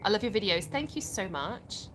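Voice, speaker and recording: A woman's voice: mid-range voice, animated, fairly bright tone, a little hiss or hum. Chatty English woman livestreaming outdoors. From England. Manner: chatty, quick to laugh. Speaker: livestream host. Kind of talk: casual chat, reading viewer comments aloud.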